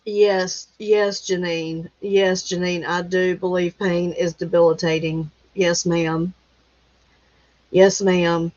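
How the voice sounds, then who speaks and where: A middle-aged woman hosting a livestream, chatting casually with viewers and reading their comments, affectionate and quick to laugh. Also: lowish voice, level tone, darkish tone, no room sound, lo-fi sound. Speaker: livestream host.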